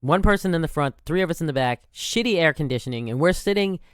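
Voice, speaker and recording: A man of about sixty holds forth on his podcast in a loose, wandering way, often stopping to restart or correct himself. His voice is smooth and even, at an ordinary middle pitch. The sound is dry and close. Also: fast talker, no echo. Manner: rambling, frequent restarts and self-corrections. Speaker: podcast host. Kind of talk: casual monologue.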